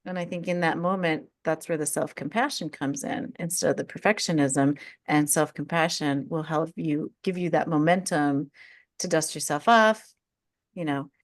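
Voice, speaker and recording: A woman hosts a casual podcast talk, encouraging and thoughtful as she rambles. Her voice sits on the low side. The sound is dry and close. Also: normal speed, dry recording. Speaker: podcast host. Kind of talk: casual chat.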